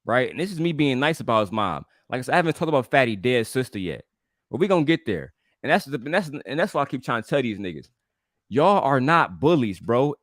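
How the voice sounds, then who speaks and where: A man's voice: medium pitch, fast, no echo. Guy w aave going off bluntly on stream, dry close sound. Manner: blunt, profane, steady ranting. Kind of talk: casual streamer chat.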